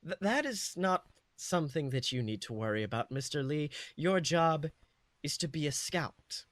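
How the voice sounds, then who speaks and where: A composed alien envoy lays out terms in slow, formal, deliberate phrases, as a man voices it. The voice is bright and forceful, with a dry, close sound. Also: on the high side, animated, dry recording. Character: calm, measured alien envoy.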